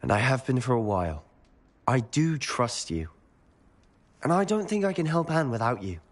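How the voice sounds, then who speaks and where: An actor playing a hot-headed young wizard student in a video game. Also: male voice, mid-range voice, sing-song. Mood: apologetic. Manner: impatient then apologetic, quick. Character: impulsive, frustrated young male wizard student.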